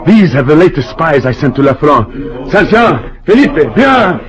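An actor playing a commanding former rebel leader turned governor, brusque and impatient, dropping French phrases, in an old-time radio drama. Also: male voice, on the high side, sing-song, a little slow. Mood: grim. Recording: dull lo-fi old radio recording.

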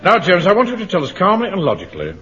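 A man's voice: high voice, wildly swooping pitch, racing, heavy background noise. An actor playing a pompous middle-aged captain who lectures and commands his men in a radio sitcom. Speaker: officer. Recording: dull lo-fi radio recording.

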